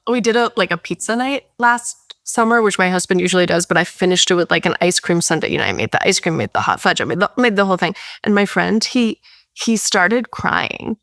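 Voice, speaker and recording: A woman cookbook author telling warm dinner-party stories on a podcast in an animated, gushing way. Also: lowish voice, brisk, dry recording, clean studio sound. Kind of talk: casual podcast conversation.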